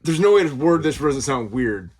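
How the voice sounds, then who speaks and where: A man trading jokes on a casual podcast. His voice sits fairly high and swoops up and down lively. He often trips and restarts mid-sentence when worked up. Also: husky. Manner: halting, stammering restarts when excited. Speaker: podcast co-host.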